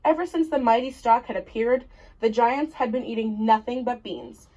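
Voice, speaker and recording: A woman reading a children's story aloud in an expressive, deliberate way. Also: fairly high pitch, rough recording.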